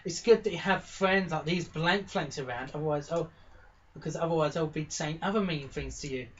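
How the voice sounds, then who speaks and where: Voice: mid-range voice, fairly quick, dull audio, lightly acted. A game master voicing a haughty, bullying filly pony in a pony tabletop game, with a taunting, sneering manner.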